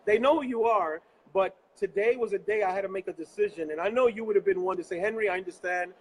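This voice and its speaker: A man from New York hosts a live interview show. His voice sits high for a man. He speaks earnestly, with a preacher's conviction, from a location away from his office. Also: fast talker, slight background noise, rough recording. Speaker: host.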